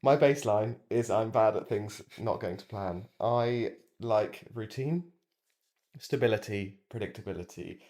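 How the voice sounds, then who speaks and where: Deep-voiced man in reflective chat. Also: measured pace, darkish tone. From England. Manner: reflective, hesitant with many fillers. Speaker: podcast co-host. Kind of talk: casual chat.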